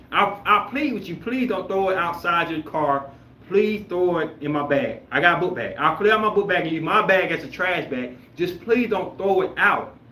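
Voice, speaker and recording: A man hosting a podcast, chatting casually and reacting to viewer comments in an animated, emphatic, rambling way. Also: a little high, slight background noise. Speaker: podcast host. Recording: roomy echoey room.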